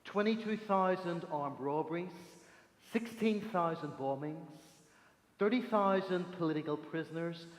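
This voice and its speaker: A man preaching a sermon, telling stories with emphatic pauses, from Northern Ireland. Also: on the high side. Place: church sanctuary. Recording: echoey church hall reverb.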